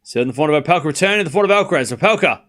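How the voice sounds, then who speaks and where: A man hosting a live stream, calling tennis points with excitable play-by-play and chatting casually with his viewers. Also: on the high side, very fast. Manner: excitable play-by-play mixed with laid-back banter to chat. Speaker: stream host doing live tennis commentary.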